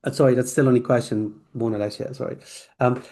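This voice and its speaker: A man's voice: mid-range voice, fast talker. A man with a mid-range voice tells a long story as a podcast guest, rambling from one point to the next. He acts out bits of conversation as he goes, with plenty of restarts and asides. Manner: rambling, animated, acts out quoted dialogue. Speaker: podcast guest, company founder. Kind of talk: storytelling interview answer.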